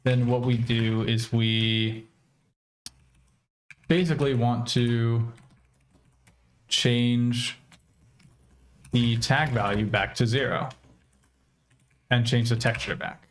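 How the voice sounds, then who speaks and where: A man's voice: medium pitch, steady tone, slow pace, pauses often, a little hiss or hum. A young American man casually thinking aloud while programming on a livestream, with many fillers. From United States. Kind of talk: casual live coding commentary.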